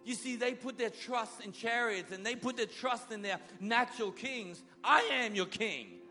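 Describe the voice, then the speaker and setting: A male preacher giving a sermon, swinging between loud bursts and soft, low lines as he acts out biblical figures. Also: moderate pace, soft background music.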